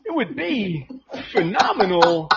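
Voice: medium pitch, sing-song, slow, gravelly. A podcast co-host in crude casual chat, cracking jokes and laughing often. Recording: dull lo-fi audio with faint noise.

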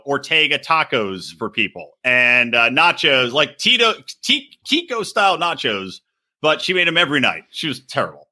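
Man, 30s, sarcastic podcast co-host, bright tone, a bit high. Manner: sarcastic, swears freely. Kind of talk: casual comedic chat.

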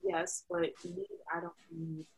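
A woman's voice: on the low side, very animated, takes it slowly, gravelly, slight background noise, poor audio. A woman in a casual group discussion who starts with "um" and leans on key words. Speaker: discussion participant.

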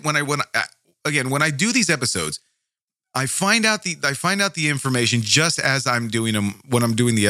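A man's voice: medium pitch, sharp tone, no room sound, clean studio sound. A man hosting a true crime podcast, reading case notes aloud and breaking off into profane, angry asides full of stammered restarts.

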